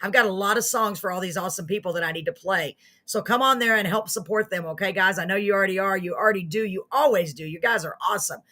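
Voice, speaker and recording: Bright-voiced woman hosting a live chat show. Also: medium pitch, fast talker, few pauses. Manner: chatty, self-mocking, warm toward viewers. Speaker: host of a live online show. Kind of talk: casual livestream chat to viewers.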